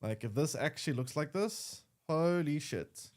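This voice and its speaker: Streaming a game, this young man keeps stumbling, restarting and repeating words as he chats casually. His voice is fairly high and lively in intonation, and he speaks a little slowly.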